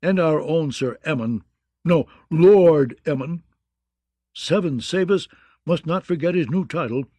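A man voicing a gruff, bawdy, blustering male knight in an audiobook, with a mocking, growling manner. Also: on the high side, slow, dark tone, dry recording, pitched above the performer's own voice. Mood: grumbling. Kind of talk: audiobook character voice.

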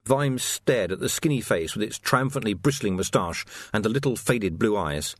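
A man's voice: lowish voice, lively intonation, normal speed, few pauses, no echo, studio quality. A man narrating an audiobook expressively, acting out the characters.

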